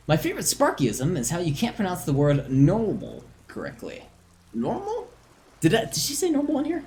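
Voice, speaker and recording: A chatty, giggly streamer talking casually with viewers, quick to laugh at their own slips. The voice is starting to tire, and the pitch leaps around in a lively way. A faint hiss runs under it. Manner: chatty, giggly, self-deprecating. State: voice strained and tiring. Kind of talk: casual live-stream chat.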